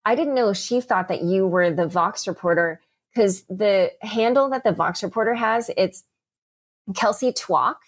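A woman's voice: mid-range voice, moderate pace. A woman hosting an interview podcast, talking casually and hesitantly, searching for words. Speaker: podcast host.

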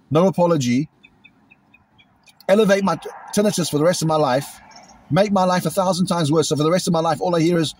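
A British man venting angrily in a vlog, repeating himself and imitating loud bangs, recorded outdoors. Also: fairly high pitch, slight background noise. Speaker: vlogger. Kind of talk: agitated monologue to camera. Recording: outdoors in a cemetery.

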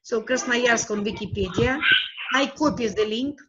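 Woman teacher, slightly high voice, slow and halting screencast walkthrough, dull lo-fi sound. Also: heavy background noise. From Russia. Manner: slow, halting, repeats her words as she clicks through steps. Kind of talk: screencast tutorial.

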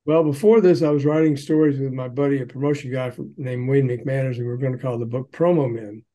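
In a podcast interview, an older man who used to promote records tells animated anecdotes, acting out the quotes as he goes. His voice is medium-pitched and his pace quick, though the recording quality is low.

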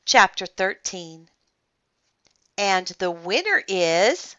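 A woman reading a children's book aloud in an expressive, animated storytelling manner. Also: medium pitch, slow, highs cut off.

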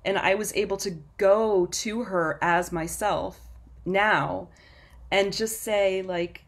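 A woman's voice: medium pitch, fairly even intonation, slow. A woman guest on a podcast, telling her story in a rambling, self-interrupting way and laughing often. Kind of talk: casual interview chat.

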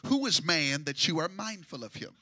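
A man a sermon as pastor, shouting and half-singing in rising waves and repeating phrases to draw responses. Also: a little high, very animated, moderate pace. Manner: shouting, sing-song preaching with repetitions.

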